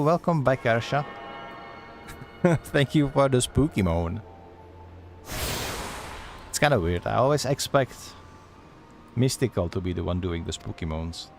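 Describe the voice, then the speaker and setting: A man livestreaming a game, chatting casually with joking asides to his viewers. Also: medium pitch. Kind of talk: casual gaming livestream chat.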